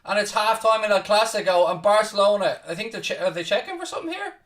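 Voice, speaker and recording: A man hosting a live football watchalong, commentating casually, swearing a little, mocking himself, and shouting out loud at big chances. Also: high voice, animated, quick pace, distant mic. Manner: self-deprecating, swears casually. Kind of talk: live match commentary and chat with viewers.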